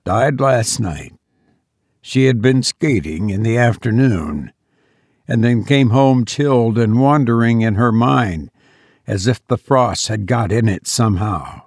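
A man's voice: medium pitch, lively intonation, measured pace, darkish tone, husky, dry recording, studio quality. A man reading a story voices a grieving man who tells sad news in a subdued, plain way. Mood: grave.

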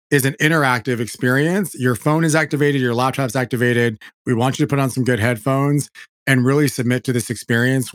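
A man hosting a podcast, talking in an animated, chatty way that keeps breaking off and restarting. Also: medium pitch, no room sound, clean studio sound. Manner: animated, self-interrupting, chatty. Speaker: podcast host. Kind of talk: casual chat.

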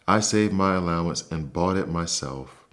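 A man's voice: low-pitched, normal speed, fairly bright tone. Man doing an earnest young boy. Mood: hurt. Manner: earnest, reproachful. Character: earnest young boy, trusting then hurt.

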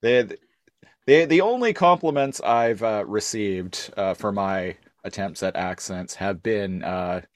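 A man's voice: on the low side, slow pace, no room sound. A man chatting casually as a podcast co-host, hesitant and full of fillers and restarts. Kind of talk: casual chat.

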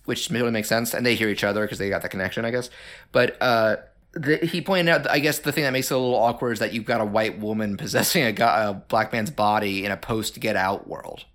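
A man co-hosting a podcast, talking casually about an animated film with lots of fillers and restarts. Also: lowish voice, brisk. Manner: chatty, many fillers and restarts. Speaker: podcast co-host.

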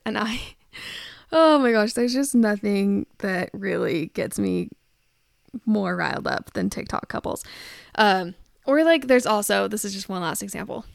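A woman's voice: on the high side, vocal fry, no room sound, studio quality. A young woman vlogging in casual chat, ranting with lots of filler "likes" and acting out quoted voices.

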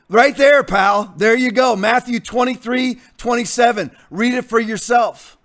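A man's voice: high-pitched, fairly bright tone. A man preaching as a pastor in a blunt, defiant rant, repeating his points for emphasis. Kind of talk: combative sermon rant.

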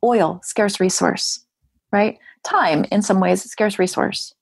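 Husky, emphatic woman guest speaking earnestly. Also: slow, no room sound. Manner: earnest, emphatic, rhetorical, jumps high for inner-voice asides. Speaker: grief writer and guest. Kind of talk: podcast interview talk.

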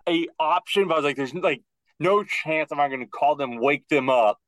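A young man co-hosting a podcast, telling a casual story and acting out quotes with rising pitch. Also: normal speed, fairly bright tone, dry recording. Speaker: podcast co-host. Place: closet at home.

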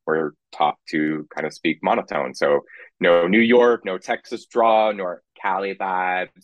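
A young man from Kansas, a guest in a casual interview, speaking in a relaxed way with many fillers. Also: sits low, unhurried, dry recording, muffled recording.

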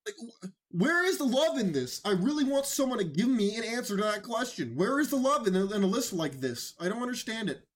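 A man's voice: high-pitched, sing-song, fairly quick. A man giving mocking, incredulous reaction commentary on videos, often emphatic and raising his voice.

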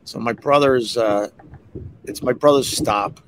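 A man's voice: a little slow, noisy background. Fired-up man telling stories on a podcast. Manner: heated, animated storyteller who jumps up in pitch when riled. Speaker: podcast host. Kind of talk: casual storytelling monologue.

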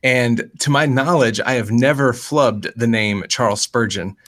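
A man co-hosting a casual podcast as a pastor, good-natured and quick to laugh. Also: medium pitch, a bit bright.

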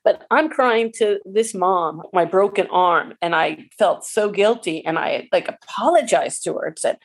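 Emotional woman telling a personal story. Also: fairly low pitch. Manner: emotional, halting, many restarts. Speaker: pickleball player.

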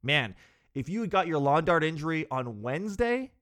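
A man's voice: a little high, very animated, normal speed, fairly bright tone. A man hosting a podcast, telling comic stories in a loose, rambling way, swearing casually and acting out the people in them. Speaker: comedian podcast host. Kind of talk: comic storytelling monologue.

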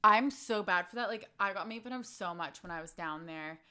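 A woman's voice: mid-range voice, a little fast, pushed and bright. A young woman guest on a casual podcast, bubbly and rambling, leaning heavily on "like". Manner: bubbly, rambling, heavy use of "like". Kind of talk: casual chat.

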